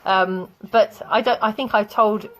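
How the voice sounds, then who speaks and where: A woman's voice: mid-range voice, steady tone, unhurried. A woman, teaching vocabulary in a chatty way, often laughing and telling anecdotes. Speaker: English teacher. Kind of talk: online English vocabulary lesson.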